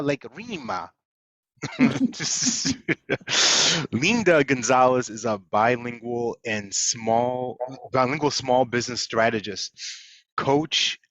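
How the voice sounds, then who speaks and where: A man hosting an online session, playful and energetic, reading out audience shout-outs and introducing a guest speaker. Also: medium pitch, no echo. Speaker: webinar host. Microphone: video call. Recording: dull lo-fi video call audio.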